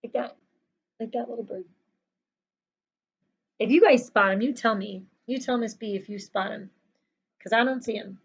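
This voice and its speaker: A woman teacher reading a picture book aloud to children, in an animated sing-song way with chatty asides to them. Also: on the high side, normal speed, creaky, pauses often, slightly rough, highs cut off.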